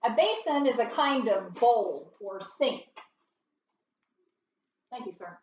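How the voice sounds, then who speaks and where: A woman's voice: fairly high pitch, lively intonation, slow, dull audio, a little hiss or hum. A woman teaching a first grade phonics lesson, explaining each step patiently, recorded from a distance in a roomy space.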